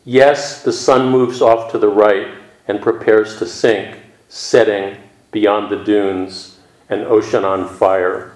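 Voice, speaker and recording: A man giving a Zen dharma talk, calm and reflective with a gently wry humor. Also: fairly low pitch, slow pace. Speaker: Zen teacher. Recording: echoey room.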